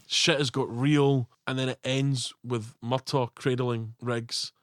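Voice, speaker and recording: A man's voice: mid-range voice, steady tone, takes it slowly, dry recording, clean studio sound. A man co-hosting a casual film-review podcast, talking animatedly, swearing freely and acting out movie lines. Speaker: podcast co-host; comedian.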